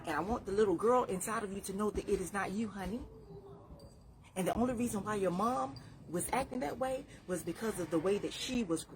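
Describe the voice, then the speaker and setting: A woman's voice: medium pitch, slight background noise. A woman life coach giving a faith-based motivational talk, preachy and repeating phrases for emphasis.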